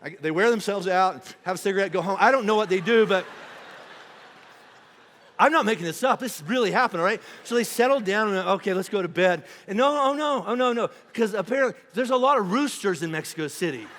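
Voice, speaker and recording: A man pastor preaching a sermon, telling a comic story with animated swings between loud outbursts and hushed asides. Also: sits high, fairly quick. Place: large church auditorium. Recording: long hall reverb.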